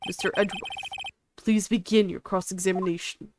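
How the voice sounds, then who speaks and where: A woman's voice: mid-range voice, fairly even intonation, a little fast, background noise, lightly acted. A woman voicing a fussy, polite older male judge who speaks formally, with game music behind.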